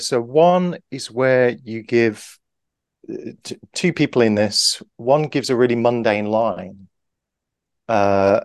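A man's voice: medium pitch, a little mellow, no echo, studio quality. A man talking casually as an improv guest, rambling and correcting himself, acting out example lines as he explains. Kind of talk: casual interview chat.

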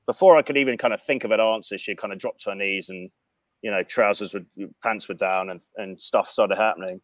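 Profane, low-voiced man telling stories. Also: fairly quick, no room sound. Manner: profane, animated anecdote-telling. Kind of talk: casual storytelling.

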